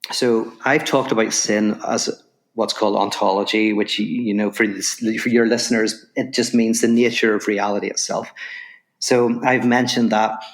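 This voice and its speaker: A man, the guest on a podcast interview, talking fast and telling stories while explaining ideas. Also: fairly low pitch. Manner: animated storyteller, quick explanations. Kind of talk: podcast interview, storytelling and philosophy.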